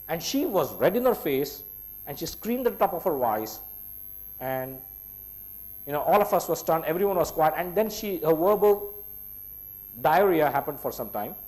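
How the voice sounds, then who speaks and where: A middle-aged man with an Indian English accent tells a story to a workshop group, acting out what others said. His voice sits a little high for a man. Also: normal speed, low-quality recording. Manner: animated retelling, voicing others' quotes. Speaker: workshop trainer. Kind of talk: storytelling to an audience.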